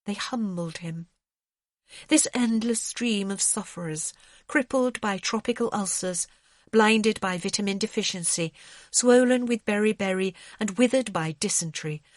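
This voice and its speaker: A woman narrating an audiobook in a measured way, slowing on grave passages. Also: mid-range voice, no echo, clean studio sound. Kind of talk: scripted narration.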